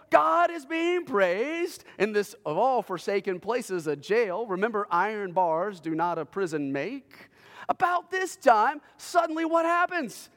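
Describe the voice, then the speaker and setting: A man preaching a sermon as a pastor, telling a story dramatically and swinging between loud bursts and hushed lines. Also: extremely high pitch, big-room sound. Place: church sanctuary.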